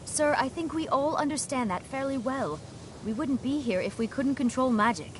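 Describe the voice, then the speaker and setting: A confident young mage student in a fantasy game, speaking politely but with a pointed edge. Her voice sits high. Faint noise sits behind it. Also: animated, normal speed. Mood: objecting. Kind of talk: video game voice acting.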